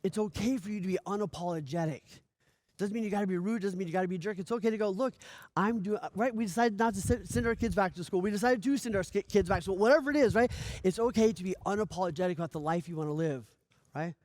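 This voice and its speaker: A man giving a motivational coaching speech, energetic, often asking "right?" and acting out little dialogues. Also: sits high, quick pace, no room sound. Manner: energetic, repeats "right?" often, stammers on restarts; acts out dialogue in lively voices. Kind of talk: motivational talk.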